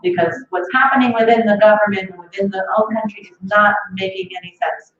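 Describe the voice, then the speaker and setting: A woman from Colombia doing a stand-up set on a club stage, animated and laughing at her own jokes, drawing out words for emphasis. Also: mid-range voice, brisk. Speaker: stand-up comedian opening an open mic. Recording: echoey distant room sound, dull lo-fi.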